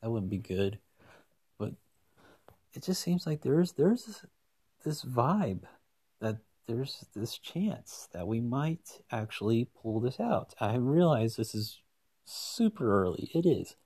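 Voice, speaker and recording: A man hosting a solo sports podcast, talking in a rambling, excitable way with many restarts. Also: medium pitch, slow, breathy edge, dry recording, studio quality. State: hiccups. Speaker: podcast host.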